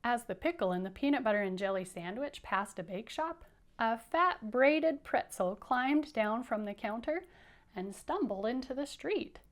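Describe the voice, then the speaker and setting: A woman teacher reads a picture book aloud to young children. She speaks in a slightly high voice that swoops up and down with great liveliness. Her manner is playful and coaxing, and she keeps inviting the kids to repeat lines after her. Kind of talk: interactive children's read-aloud.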